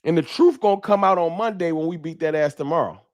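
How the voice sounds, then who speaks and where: A man hosting a fan livestream, talking trash in a preachy, animated way and reading viewer chats aloud. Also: a little high, quick pace. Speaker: sports fan show host.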